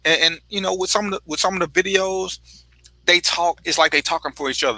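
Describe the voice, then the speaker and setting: A man's voice: on the high side, quick pace, pushed and bright, dry recording, poor audio. A father speaking bluntly and with some profanity in a casual panel talk. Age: adult father. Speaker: panel guest.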